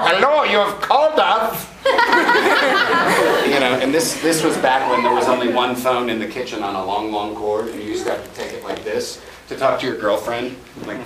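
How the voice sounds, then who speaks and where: A middle-aged man with a raspy, worn-out voice, a voice actor talking casually to a convention panel and joking with the audience. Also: medium pitch. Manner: animated, jokey, slips into funny voices and laughs. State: hoarse, voice worn from recording sessions. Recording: echoey room, from far off, noisy.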